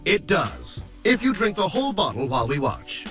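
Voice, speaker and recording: A man's voice: high voice, wildly swooping pitch, normal speed, fairly bright tone, faint music behind, voice pushed up, heavily acted. A man voicing a smug, cruel bully who mocks a follower. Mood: taunting. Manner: mocking.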